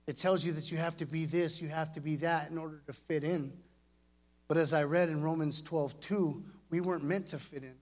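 Earnest, fairly high-voiced male preacher. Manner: earnest and animated, speaking directly to the kids. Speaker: youth preacher. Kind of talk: sermon to young people.

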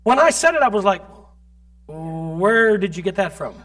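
A man preaching as a pastor, telling stories from his ministry with emphatic delivery that rises to loud peaks. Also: sits high, sing-song, normal speed. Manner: storytelling, recounting ministry experiences. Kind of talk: sermon.

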